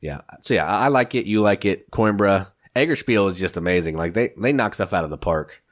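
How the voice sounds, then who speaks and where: A man's voice: low voice, animated, a little fast. A man co-hosting a board game podcast in casual chat, upbeat and enthusiastic, laughing often. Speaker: podcast co-host.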